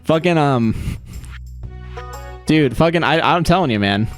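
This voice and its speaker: A man's voice: a little high, lively intonation, measured pace, faint music behind. A man livestreaming a game, chatting casually in a rambling, profane way and laughing often. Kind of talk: casual chat while streaming a game.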